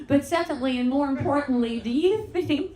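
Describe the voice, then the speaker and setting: A middle-aged woman from Louisiana with a Southern accent, doing a brash, bawdy stand-up set on a theatre stage. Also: sits high. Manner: brash, bawdy storytelling, big acted-out quotes. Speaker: stand-up comedian. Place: theatre stage with live audience. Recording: roomy theatre with crowd noise.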